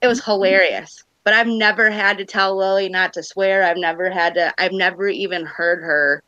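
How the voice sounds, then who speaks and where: A woman's voice: mid-range voice, steady tone, moderate pace, sharp tone, no room sound. Chatty woman on dull lo-fi stream audio. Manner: rambling, chatty storyteller. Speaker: livestream host. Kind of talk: casual chat.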